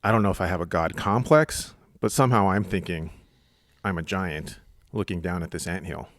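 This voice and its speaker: A man from Colorado spins a comic tale with his very deep voice, lively and self-mocking. The recording is close and dry, with no room sound. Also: normal speed, no echo. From Colorado, USA. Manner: animated, self-mocking storyteller. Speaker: guest comedian. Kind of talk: casual podcast storytelling.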